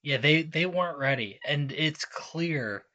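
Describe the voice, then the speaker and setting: A man co-hosting a wrestling podcast, agreeing and adding comments with halting restarts. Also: fairly high pitch, animated, bright, forceful tone, highs cut off, slight background noise. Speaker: podcast co-host. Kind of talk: casual wrestling chat.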